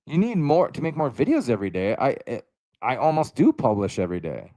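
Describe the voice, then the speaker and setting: A man hosting a casual livestream, rambling and slangy, jumping up in pitch when he gets excited. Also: a little fast, no echo, clean studio sound. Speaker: YouTube livestream host.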